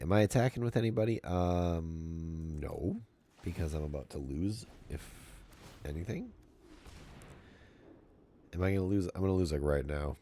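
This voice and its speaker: A middle-aged man with a deep, mellow, slightly husky voice commentates his card game for a stream. He is goofy and self-mocking, tossing jokes at his viewers into a desk mic. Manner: goofy, self-mocking, jokey asides to chat.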